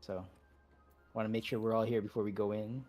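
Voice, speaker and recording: A man's voice: lowish voice, little pitch movement, brisk, a little mellow, soft background music. A man leading a game raid over voice chat, giving easygoing, chatty instructions with apologetic asides. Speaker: raid leader.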